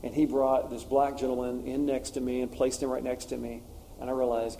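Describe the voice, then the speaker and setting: A man's voice: mid-range voice, monotone, fairly quick, mellow, a little hiss or hum. A man preaching a sermon, telling personal stories in an earnest, confessional way with frequent fillers.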